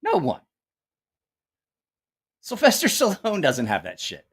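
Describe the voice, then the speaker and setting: A man's voice: sits high, wildly swooping pitch, slow, a bit bright, slightly rough. Profane, incredulous man hosting a live stream. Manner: incredulous, profane, mocking rants with laughter. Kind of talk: casual live-stream commentary.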